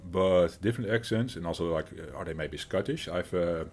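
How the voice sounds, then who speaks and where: A man's voice: low-pitched, brisk, a little mellow. A man in his thirties with a Dutch accent, chatting casually with his stream chat, rambling with fillers as he answers them. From Netherlands.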